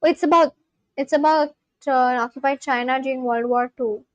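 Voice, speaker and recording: A woman's voice: high voice, fairly even intonation, moderate pace, dry recording, muffled recording. A woman streamer chatting casually and reading viewer messages aloud, reacting as she goes. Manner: chatty and reactive, with frequent restarts. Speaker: live streamer learning a language.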